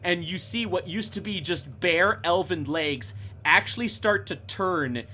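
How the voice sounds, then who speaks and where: A man runs a tabletop game, narrating each scene in an unhurried, deliberate way and stopping to correct himself. His tone is bright and forceful, with a faint hiss of noise behind him. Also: high-pitched. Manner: slow, descriptive, with small self-corrections. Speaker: game master.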